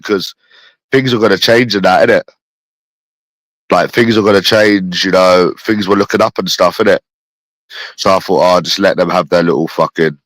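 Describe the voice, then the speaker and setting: A man's voice: on the low side, fairly bright tone, no room sound, low-quality recording. A man with a phlegmy cough, ranting in a repetitive, rambling, profane casual monologue. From London.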